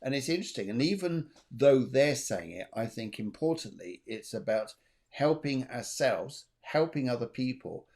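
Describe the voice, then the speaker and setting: A man's voice: mid-range voice, lively intonation, moderate pace, darkish tone. A man hosting a spiritual talk show, chatting earnestly and repeating his key phrases for emphasis. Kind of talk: casual chat.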